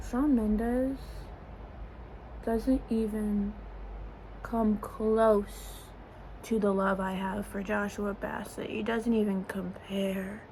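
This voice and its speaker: Slow, gushing young woman vlogger. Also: medium pitch, mellow, a little hiss or hum, low-quality recording. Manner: gushing, rambling, fangirling. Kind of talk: casual get-ready-with-me vlog. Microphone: phone camera, as on a video call.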